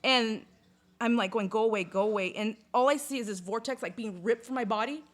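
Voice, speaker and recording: A woman in casual conversation, telling a personal story in a lively, chatty way, with lots of "like" and some swearing. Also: fairly high pitch, moderate pace. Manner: chatty, full of "like", swears freely; lively retelling, acts out sounds and inner voices. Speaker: podcast guest.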